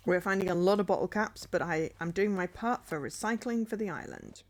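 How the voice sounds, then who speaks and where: A woman's voice: medium pitch, a little fast. A young woman streaming a game, chatting playfully and giggling at her finds. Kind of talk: casual game stream commentary.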